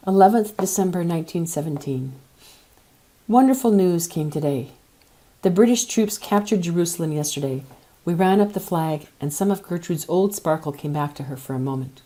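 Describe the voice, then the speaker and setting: A woman reading a novel aloud with a measured, gentle delivery. Her voice is lower than most and has a warm, mellow tone. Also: animated. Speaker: audiobook reader.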